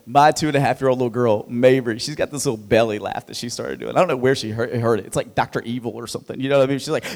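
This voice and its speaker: A man in his thirties preaching a sermon in a church, energetic and conversational, often tripping over and repeating words when excited. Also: medium pitch, rapid-fire, gravelly, hardly any pauses. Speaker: pastor. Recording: long reverb of a large hall.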